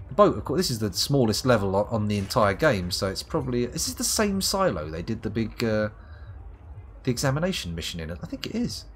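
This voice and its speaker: A man's voice: fairly low pitch, big pitch swings, a little fast, breathy edge. A man from England with a southern English accent, giving sardonic, sweary live commentary on a game he is playing. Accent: southern English, near London. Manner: sardonic, swearing, muttering to himself. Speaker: streamer.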